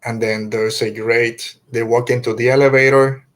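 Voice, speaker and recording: A man's voice: medium pitch, flat delivery, normal speed. A middle-aged man hosting a podcast, reviewing an episode in an emotional, heartfelt way, sighing and restarting his sentences as he gets choked up. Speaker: podcast host.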